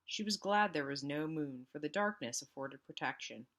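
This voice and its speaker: A woman teacher reading a storybook aloud to students, expressive with casual asides. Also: low-pitched, normal speed.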